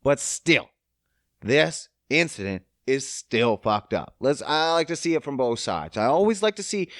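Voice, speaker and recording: A man's voice: medium pitch, expressive, measured pace, fairly bright tone, no room sound. A man hosting a podcast, ranting in a casual, profane and sarcastic monologue on a close mic. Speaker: podcast host.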